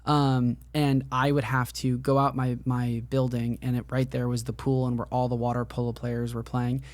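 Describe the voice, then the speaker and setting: A man's voice: mid-range voice, completely flat delivery, normal speed, no echo. Man asking long, rambling podcast questions. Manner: leans on "like" as filler, talks in long winding questions. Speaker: podcast host. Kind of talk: casual interview chat.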